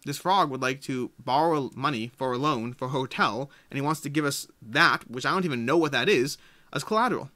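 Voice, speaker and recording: Incredulous bank loan officer woman, bright, forceful tone , as a man tells a joke. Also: mid-range voice, a little fast, lightly acted. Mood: exasperated.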